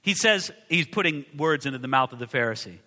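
A man preaching a sermon in a church, animated, moving from booming lines to hushed ones and acting out the people he quotes. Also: a little fast, long reverb tail. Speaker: pastor.

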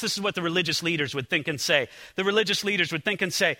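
A man preaching a sermon as pastor, animated and conversational, turning to his listeners with asides. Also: a little high, quick pace, hardly any pauses, in a large hall.

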